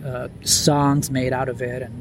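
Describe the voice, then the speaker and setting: A man's voice: mid-range voice, level tone, a little slow, noisy background. A man as a podcast guest, talking casually with lots of fillers and restarts, recorded outdoors on a lawn at night. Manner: rambling, many fillers and restarts. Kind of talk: casual interview chat.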